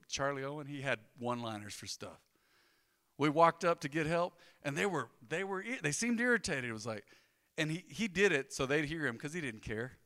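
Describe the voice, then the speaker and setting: A fairly high-voiced man preaching a sermon, loose and joking as he tells stories to his congregation. His tone is bright and forceful, and his voice rings out with the long reverb of a hall. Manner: conversational, joking, animated storytelling. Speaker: pastor.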